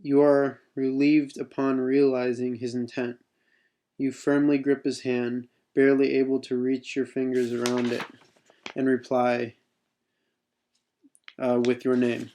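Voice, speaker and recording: A man reads his own second-person adventure text in a casual, unpolished way. His voice is mellow and stays fairly flat in pitch. He breaks off now and then with spoken asides. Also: measured pace, pauses often, slight background noise. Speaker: writer reading his own mission text.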